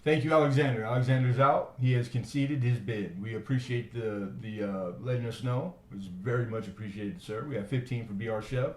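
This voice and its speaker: A man's voice: medium pitch, brisk, hardly any pauses, a little mellow, slight background noise. A man hosting a live coin auction, chatting casually and rambling into stories between bids. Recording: echoey room.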